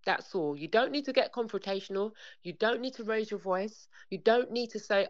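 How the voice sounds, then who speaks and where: A woman's voice: medium pitch, quick pace, hardly any pauses. A woman, guest on an interview show, talking earnestly about parenting and acting out bits of dialogue. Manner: earnest, repetitive, acts out dialogue. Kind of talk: conversational interview. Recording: dull lo-fi sound.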